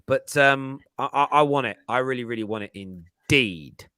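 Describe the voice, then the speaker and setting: A man's voice: medium pitch, normal speed, no room sound, studio quality. A man with a London accent hosting a live football chat show, joking around and reading out viewer comments. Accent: London English. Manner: animated, jokey, reads out viewer comments. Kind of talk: live-stream casual chat.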